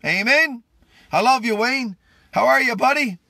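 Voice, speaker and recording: A man, tired and worn out, preaching on a live stream in an excitable, fervent, exclamatory way. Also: very high-pitched, a little slow, gravelly, no room sound. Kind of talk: impromptu livestream preaching and greetings.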